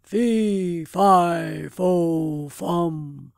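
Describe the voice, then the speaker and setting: Big bellowing giant guy, a lady putting it on, lower and loud, slow, dry close sound. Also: vocal fry, no room sound, exaggerated voice. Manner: booming, slow chant. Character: huge bellowing man-eating male giant.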